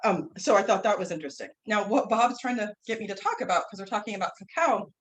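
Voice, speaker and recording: A woman teaching a class, telling a story in a lively, rambling way, full of restarts and "like", standing away from the microphone. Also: mid-range voice, fast, poor audio. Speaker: herbal instructor and guest speaker. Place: classroom, speaking away from the mic.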